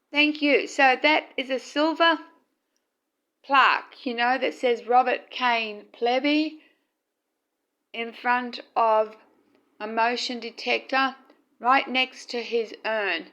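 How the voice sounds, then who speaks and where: Slow, high-voiced woman filming at home. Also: fairly even intonation. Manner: soft, tender, talks to her late husband. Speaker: vlogger. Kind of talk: casual home video narration. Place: home at night, indoors. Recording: dull lo-fi phone recording.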